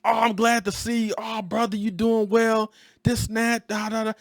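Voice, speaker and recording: A man's voice: high-pitched, little pitch movement, moderate pace, creaky, no echo, clean studio sound, pitched above the performer's own voice. A man voicing a former male manager who greets him with false, overly sweet cheer. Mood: fake cheerful.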